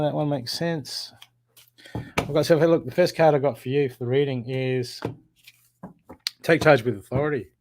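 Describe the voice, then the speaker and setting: A man's voice: mid-range voice, darkish tone, slight background noise. Man giving encouraging live card readings. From Australia. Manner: casual, encouraging, repetitive pep talk. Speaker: tarot card reader.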